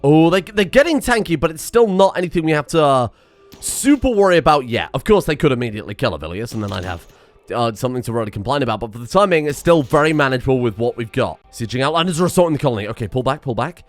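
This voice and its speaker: A man giving excitable let's play commentary on a strategy game, muttering one moment and shouting the next. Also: medium pitch, quick pace. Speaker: gameplay commentator.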